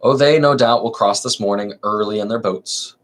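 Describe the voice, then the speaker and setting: A gossipy, practical young woman, read by a man in his own low voice. Her lines come plainly and steadily, as in a home reading of a play. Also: moderate pace, close to an everyday voice. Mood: chatty.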